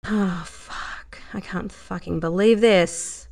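A woman's voice: mid-range voice, fairly even intonation, takes it slowly, gravelly, a little mellow. A woman voicing a shaken young woman who stammers and pleads in panic. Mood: panicked. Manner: stammering, desperate.

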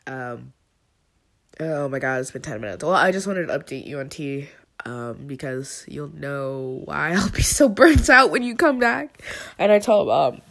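A woman's voice: lively intonation, measured pace, gravelly, a bit bright. A young woman with a stuffy nose, rambling candidly and swearing through a personal voice update after a long, emotional day. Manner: rambling, candid, swearing, swings between low mumbling and high tearful outbursts.

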